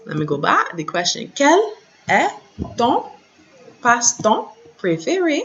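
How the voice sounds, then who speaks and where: Woman teacher, slow and patient, repeats drills, encouraging, slightly low voice, dull lo-fi sound. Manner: patient, repeats conjugations, sudden laughs, encouraging. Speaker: French teacher.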